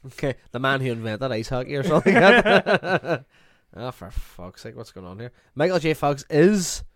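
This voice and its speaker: A man's voice: medium pitch, very animated, normal speed, a bit bright. A man hosting a podcast in casual banter, swearing freely and laughing often. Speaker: podcast host.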